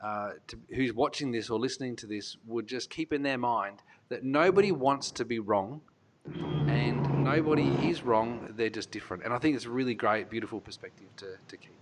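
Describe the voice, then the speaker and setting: A man hosts a podcast interview. He speaks earnestly and reflectively at a middle pitch. Now and then he restarts his sentences. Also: moderate pace. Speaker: podcast host.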